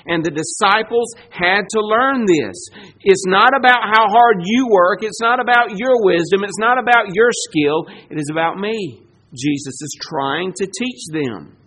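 A man preaching a sermon, swinging between loud emphatic bursts and low, slow passages. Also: poor audio. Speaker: pastor.

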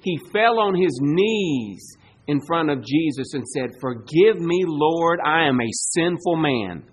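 A man preaching a sermon, swinging between loud emphatic bursts and low, slow passages. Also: lively intonation, a little hiss or hum, low-quality recording. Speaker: pastor.

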